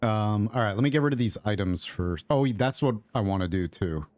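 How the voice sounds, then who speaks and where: A man with a fairly low voice gives loose, casual commentary while he plays, trailing off and thinking aloud. The sound is dry and close, with no room around it. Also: expressive, fairly quick, a little mellow, dry recording. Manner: rambling, thinking aloud with fillers and mutters. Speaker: gaming streamer. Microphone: own microphone at desk.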